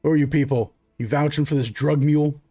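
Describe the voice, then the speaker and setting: A man voicing a pushy, suspicious male fort guard who talks in a gruff, bullying way. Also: on the high side, steady tone, fast, dark tone, soft background music, close to an everyday voice.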